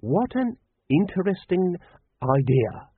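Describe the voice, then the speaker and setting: A man voicing a scheming male cult leader who talks slowly and smoothly, bending others to his plan. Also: high-pitched, sing-song, no room sound, pitched above the performer's own voice, full character voice. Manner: slow, smooth, manipulative. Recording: dry, tinny, phone-like sound.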